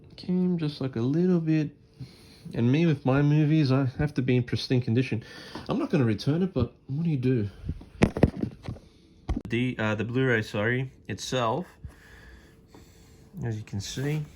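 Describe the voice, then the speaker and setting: A man's voice: mid-range voice, moderate pace, pauses often, darkish tone, a little hiss or hum. A man casually unboxing and reviewing a film release, rambling with many fillers and restarts.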